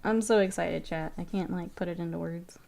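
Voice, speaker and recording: A woman streamer chatting casually with her live chat while she works, often murmuring softly, laughing easily, with a stuffy nose. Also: lowish voice, steady tone, a little fast, creaky, soft background music.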